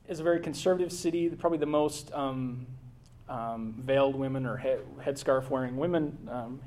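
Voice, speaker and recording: A man's voice: fairly high pitch, a little mellow, slight background noise. A middle-aged American man giving a casual travel slideshow talk, rambling with many fillers and restarts. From United States.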